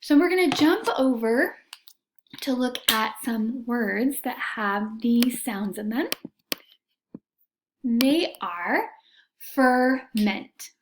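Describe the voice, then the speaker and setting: A woman teacher records a reading lesson for young students, speaking in a slightly high voice. She moves slowly and carefully, sounding out each letter and vowel sound, and keeps her explanations patient and plain. Her delivery stays clear and unhurried the whole way through. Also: animated, noisy background.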